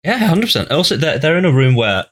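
A man co-hosting a podcast, trading deadpan jokes in casual chat. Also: a little high, fast. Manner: joking, deadpan one-liners. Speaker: podcast co-host.

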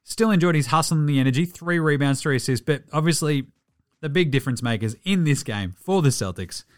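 A young Australian man hosting a casual basketball podcast, rattling off stats with lively, self-mocking banter and the odd swear. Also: fairly high pitch. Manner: animated, swearing, self-mocking, quick stat rundowns. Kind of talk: casual game recap.

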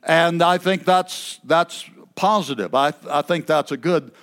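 A man delivers a sermon in a church, folksy and conversational. His voice sits a little high for a man, and he clears his throat between thoughts and drifts into casual asides. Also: measured pace, fairly bright tone. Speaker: preacher.

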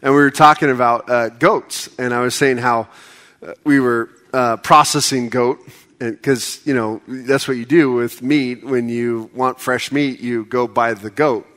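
A man's voice: mid-range voice, steady tone, a little slow, fairly bright tone. A middle-aged American man preaching a sermon in a conversational way, with joking asides that build to impassioned appeals. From United States. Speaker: pastor.

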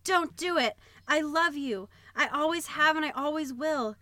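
A woman reading aloud as a lovesick, desperate young man who makes overwrought, shouted declarations in a comic fanfic. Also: high voice, normal speed, no room sound, voice pushed up. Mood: pleading.

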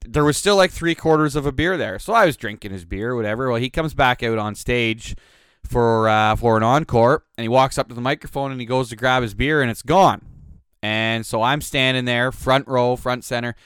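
A man's voice: medium pitch, moderate pace, a bit bright, clear, resonant tone, no echo, studio quality. A man hosting his own podcast, telling a rambling, profane, self-mocking story in a casual way. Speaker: podcast host.

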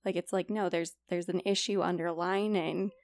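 Low, gravelly young woman chatting. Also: steady tone, normal speed, a little mellow, no room sound, clean studio sound. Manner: chatty, retells stories with quoted dialogue, many "like" fillers. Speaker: podcast co-host presenting a report. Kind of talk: casual chat.

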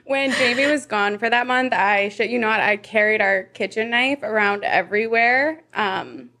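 Young female podcast co-host, a touch high-pitched, relaxed and wry. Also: moderate pace. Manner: casual, wry, laughs along. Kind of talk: casual podcast chat.

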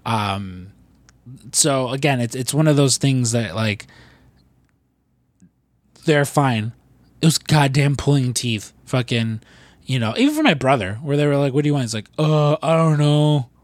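A man's voice: medium pitch, lively intonation, normal speed, pauses often, no echo. A young man co-hosting a podcast in casual chat, rambling and swearing freely with lots of fillers and restarts. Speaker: podcast co-host.

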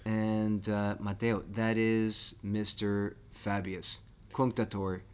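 A man's voice: fairly low pitch, level tone, slow pace, very noisy. Enthusiastic male podcast co-host. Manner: enthusiastic, eager. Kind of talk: casual chat.

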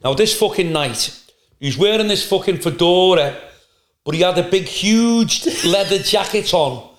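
High-voiced, swearing male comedian. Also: measured pace. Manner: profane, animated anecdote-telling. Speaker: stand-up comedian. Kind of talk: casual podcast storytelling. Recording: roomy echo.

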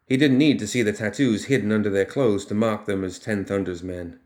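A man narrating a fiction audiobook in steady storytelling. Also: lowish voice, a little fast.

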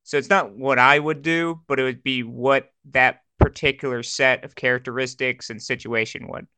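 A man in a casual podcast chat, giving thoughtful, measured explanations. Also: medium pitch, steady tone, bright, forceful tone, clean tone, no echo. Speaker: podcast co-host.

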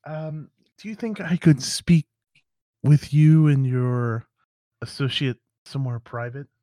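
A man's voice: a little high, steady tone, slow pace, dark tone, no room sound, voice pushed up. A man voicing a nervous young milkmaid woman in a tabletop game, timid and stammering. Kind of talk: tabletop role-play voicing.

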